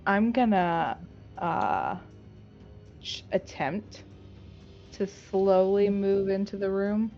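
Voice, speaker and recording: A woman playing a tabletop game, speaking in hesitant, halting phrases. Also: mid-range voice, darkish tone, lo-fi sound, faint music behind. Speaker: player.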